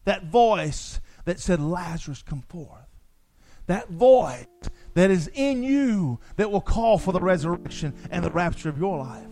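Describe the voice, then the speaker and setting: A man's voice: high-pitched, expressive, a little slow, mellow. A man preaching a sermon with passion, repeating phrases for emphasis.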